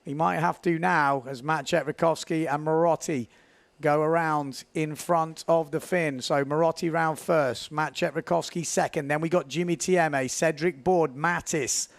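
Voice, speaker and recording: A man giving live, chatty commentary on a windsurf race, building excitement at key moments. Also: fairly high pitch, moderate pace, no echo.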